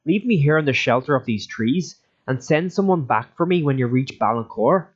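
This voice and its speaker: A man's voice: medium pitch, lively intonation, moderate pace, pitched above the performer's own voice, natural voice. A man voicing an injured, weary young fugitive who talks in a stubborn, strained way, on a dull, lo-fi recording.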